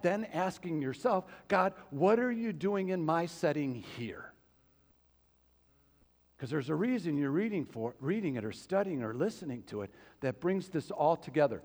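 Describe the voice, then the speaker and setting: High-pitched guy preaching, keeps asking the crowd questions, big echoey church sound. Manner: preaching, asks the congregation questions. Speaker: pastor. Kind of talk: sermon. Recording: long hall reverb.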